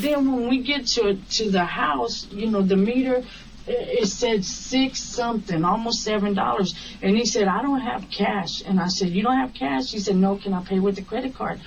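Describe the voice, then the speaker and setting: A woman taxi driver recounting an incident in an interview, acting out the dialogue as she goes. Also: mid-range voice. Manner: animated storyteller acting out quoted dialogue. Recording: distant, muffled recording with faint hiss.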